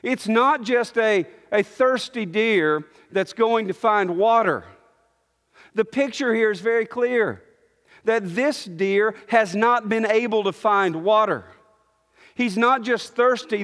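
A man with a high voice preaches slowly and deliberately, explaining scripture in an earnest teaching tone. He often restarts his phrases as he works toward a point. His voice rings out with a long reverb, as in a large church hall. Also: a bit bright. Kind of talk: sermon.

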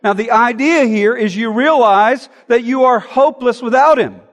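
Man preaching, very high voice, earnest and emphatic, rhetorical questions, long hall echo. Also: normal speed. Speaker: pastor. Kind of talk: sermon.

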